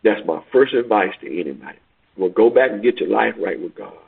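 A man a sermon, repeating his points in call-and-response style and rising to near-shouts on key lines. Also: lowish voice, lively intonation, a little fast, creaky, slightly rough. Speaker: preacher. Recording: tinny phone-like radio broadcast.

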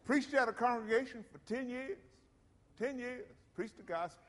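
A middle-aged man preaches with emphatic call-and-response. His voice sits high for a man. The sound carries a long reverb from the church hall. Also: moderate pace. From South Carolina. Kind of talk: sermon.

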